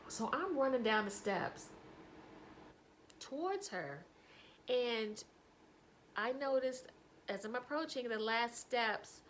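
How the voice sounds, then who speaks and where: A woman telling a personal story to camera, animated, breaking into laughter and hushed asides. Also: fairly high pitch, slow pace, long pauses, a little hiss or hum, poor audio. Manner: animated, breaks into helpless laughter, drops to whispers.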